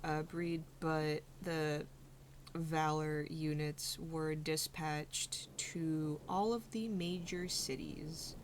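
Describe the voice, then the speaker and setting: Slow, hesitant woman game master. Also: low-pitched, fairly even intonation, slight background noise. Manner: slow, hesitant with many fillers. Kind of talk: narrating a tabletop game.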